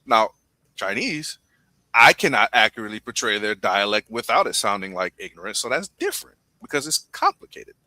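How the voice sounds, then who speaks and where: A man's voice: on the low side, big pitch swings, a little fast, sharp tone, dry recording, poor audio. A male podcast co-host arguing his point emphatically in casual chat. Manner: argumentative, emphatic.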